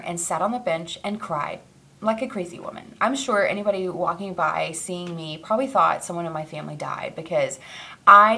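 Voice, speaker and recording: A woman's voice: mid-range voice, fairly bright tone. A young woman talks straight to her camera in a casual personal vlog. She rambles and trails off, filling gaps with ums and small laughs as she works through something emotional. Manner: rambling, emotional, self-interrupting with fillers and laughs. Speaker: vlogger.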